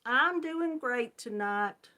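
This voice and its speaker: A woman's voice: a little high, lively intonation, slow, sharp tone. A woman with a country Southern Georgia accent, hosting a casual live chat stream, greeting viewers by name and laughing often.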